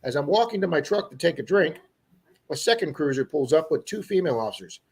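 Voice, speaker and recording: A man co-hosting a livestream, telling an animated story to his viewers in a casual chat. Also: a little high, quick pace, slightly rough. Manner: animated storyteller who acts out quoted people. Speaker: livestream co-host.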